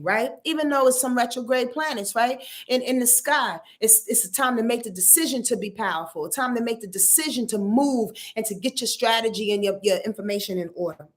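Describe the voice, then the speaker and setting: A woman with a fairly high voice gives astrology readings on a live stream. She talks in a casual, informal way, laughing often and talking straight to her viewers. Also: expressive, fairly quick, hardly any pauses. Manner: informal, swears now and then.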